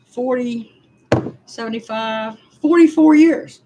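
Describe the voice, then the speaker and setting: An older woman in her sixties, talking slowly in a somewhat high voice. She chats casually to her live-stream viewers and vents her frustration with heavy sighs. Faint ambient noise sits behind her. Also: mellow, rough recording. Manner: frustrated, sighing, speaks to chat.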